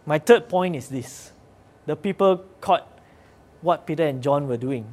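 A man's voice: on the high side, measured pace, darkish tone. A man preaching a sermon in an earnest, conversational way, with occasional fillers.

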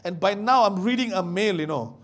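A man with a notably high voice preaches to his church. He tells a personal story with emphasis, repeating words and calling out to the congregation. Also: lively intonation, brisk, fairly bright tone. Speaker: pastor. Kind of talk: sermon with storytelling.

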